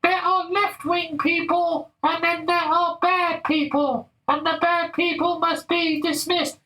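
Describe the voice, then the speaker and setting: Guy putting on a high whiny preachy scold voice, drawn out and slow. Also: level tone, pushed and bright, heavily acted, low-quality recording. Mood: mocking. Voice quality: high, slow, sing-song mocking voice. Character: shrill, preachy, bossy male scold.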